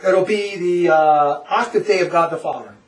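A man giving a passionate religious lecture to a small group, animated and laughing often as he acts out quotes. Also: fairly high pitch, normal speed, echoey room, far from the mic, low-quality recording. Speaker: religious teacher.

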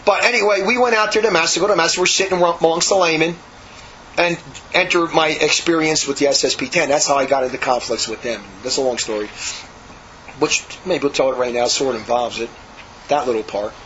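A man, a religious brother, telling a rambling, animated story in conversation. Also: a little high, brisk, slight background noise. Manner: animated, rambling, acts out quotes. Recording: dull lo-fi recording.

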